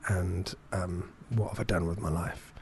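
A man's voice: sits low, fairly even intonation, measured pace, creaky, a little mellow, a little hiss or hum. A man, telling a rambling, self-deprecating story in casual chat, full of fillers and restarts. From England.

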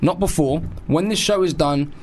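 A man's voice: fairly high pitch, moderate pace, a little mellow. A man co-hosting a radio show in a studio, playful and teasing with jokey asides. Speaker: radio co-host. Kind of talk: casual radio banter.

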